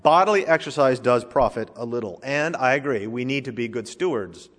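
A man's voice: mid-range voice, expressive, fairly quick, a bit bright. A male pastor preaching a sermon in a conversational, joking way, in a church sanctuary. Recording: long reverb of a large hall.

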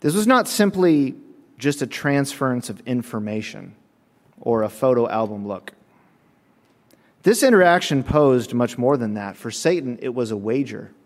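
A man preaching a sermon, telling a personal story with emphatic, animated delivery. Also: medium pitch, unhurried, in a large hall. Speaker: pastor.

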